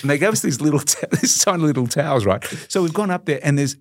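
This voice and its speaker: An Australian man in his sixties, a podcast guest telling stories in a lively, animated way. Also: a little high, fairly quick, few pauses, no echo, studio quality. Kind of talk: casual storytelling.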